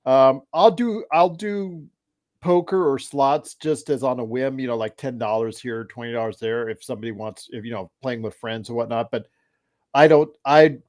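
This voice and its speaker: Guy in his 40s chatting hoops live, rambles and restarts, mid-pitch voice, gets loud and excited out of nowhere. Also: normal speed. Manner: rambling, with frequent restarts and sudden excited outbursts. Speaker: host of a basketball chat show. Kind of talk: casual live game chat.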